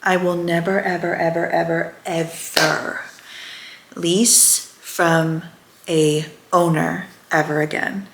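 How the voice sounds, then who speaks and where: A woman's voice: fairly low pitch, fairly even intonation, slow pace, background noise. A woman vlogger talking casually and candidly to the camera, sometimes dropping to a near whisper. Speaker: lifestyle vlogger. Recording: echoey room.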